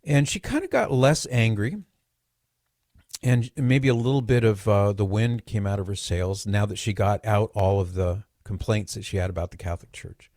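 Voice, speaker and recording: A man hosting a radio show, telling a personal story in a lively monologue and acting out the quoted dialogue. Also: lowish voice, moderate pace, no room sound, studio quality. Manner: animated, acts out quoted dialogue.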